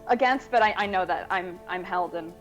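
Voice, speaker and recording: A woman playing a tabletop game, speaking in a hesitant, halting way. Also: lowish voice, faint music behind, poor audio. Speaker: player. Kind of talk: tabletop role-play.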